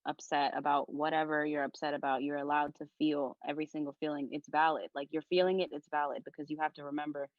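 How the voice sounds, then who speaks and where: Speaking fast with hardly any pauses, a young female content creator chats sincerely as a podcast guest, saying "like" constantly. Her deep voice holds a level tone, captured on a dull lo-fi recording without room sound.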